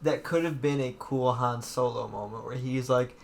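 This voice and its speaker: A man co-hosting a casual chat, mostly giving short agreeing replies with halting starts. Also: medium pitch, vocal fry, a little hiss or hum. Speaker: podcast co-host.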